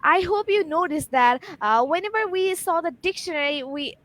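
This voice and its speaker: A woman with a high voice explains pronunciation as a guest on a live show. She speaks in a lively, emphatic way. Her audio sounds dry and close, coming through a video call. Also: normal speed, no echo, poor audio.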